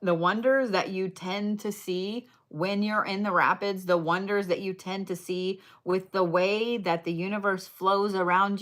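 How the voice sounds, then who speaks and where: A woman's voice: mid-range voice, fairly bright tone. A woman doing a casual livestream card reading, blunt, chatty and full of swearing as she talks to viewers.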